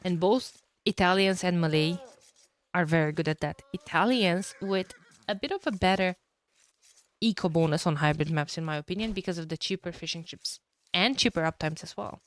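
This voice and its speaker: A woman commentating a strategy game match, her voice hoarse from being sick, talking at low energy with throat-clearing and fillers. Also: moderate pace. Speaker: tournament caster.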